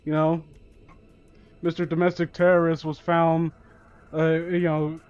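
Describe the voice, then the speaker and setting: A man's voice: a little high, monotone, unhurried, a little mellow, smooth, dull audio. A young man reading a fan story aloud for comedy, breaking off into sarcastic, exasperated commentary.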